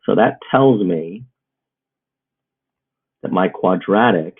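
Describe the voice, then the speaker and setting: Low husky male math teacher, tinny. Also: slow. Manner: steady, step-by-step explaining. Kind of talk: recorded math lesson. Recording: muffled phone-like audio.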